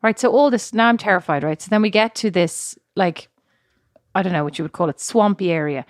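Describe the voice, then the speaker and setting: A woman's voice: medium pitch, fairly quick, no room sound, clean studio sound. An Irish woman co-hosting a podcast, chatting casually and telling stories, acting out other people's voices. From Ireland. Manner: chatty storyteller, acts out quoted voices. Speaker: podcast co-host. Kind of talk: casual chat.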